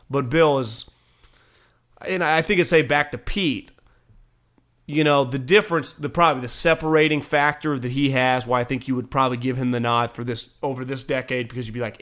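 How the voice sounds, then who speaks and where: A man talking casually about football, animated, swearing now and then and acting out quotes. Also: mid-range voice, brisk. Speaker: sports talk show host. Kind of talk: casual sports chat.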